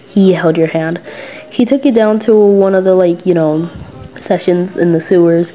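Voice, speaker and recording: A woman's voice: lowish voice, steady tone, moderate pace, warm tone, soft background music. A woman casually narrating a fan role-play story, chatty and giggly with many fillers and self-corrections.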